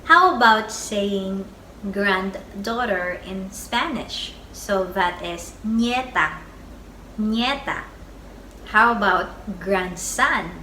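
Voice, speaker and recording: Slow, bright-voiced woman teaching vocabulary. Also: medium pitch, lively intonation. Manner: repeats each word twice, slow and deliberate. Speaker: Spanish teacher. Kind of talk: slow beginner language lesson. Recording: echoey room with faint background noise.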